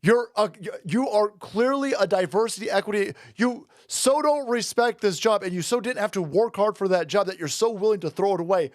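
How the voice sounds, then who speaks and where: A man's voice: sits high, fairly quick, few pauses, no room sound, studio quality. A man giving a ranting commentary vlog, angry and sarcastic, swearing and laughing mockingly as he talks. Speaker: online commentator.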